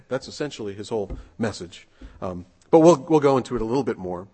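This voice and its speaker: A man preaching a sermon in a relaxed, conversational way, asking his listeners rhetorical questions and pausing on fillers. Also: medium pitch. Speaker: pastor. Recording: husky voice with long hall reverb.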